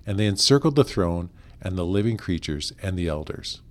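A man's voice: low voice, expressive, normal speed, darkish tone. A cheerful, agreeable man co-hosting a Bible study, reading scripture passages aloud. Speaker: co-host and scripture reader.

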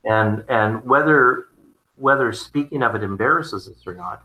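A man's voice: medium pitch, a little slow, sharp tone, roomy sound, rough recording. A man in casual conversation about theology, rambling and repeating his words. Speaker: theology discussion partner.

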